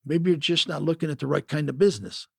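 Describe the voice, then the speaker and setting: A man with a deep gravelly voice voicing a smirking Jamaican street hustler with a Jamaican accent, sly and demanding. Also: fast, no echo, clean studio sound.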